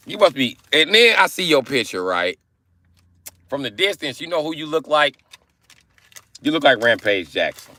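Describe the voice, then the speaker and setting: A man's voice: on the high side, sing-song, normal speed, long pauses, pushed and bright, no room sound. A man ranting crudely on a comedic live stream, rambling and profane.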